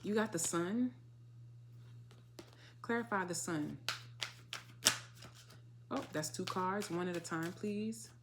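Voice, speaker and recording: Woman reading tarot cards, lower voice, slangy and animated, cusses a lot. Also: slow, long pauses, noisy background. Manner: animated, slangy, swears freely, dramatic asides. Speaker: tarot reader.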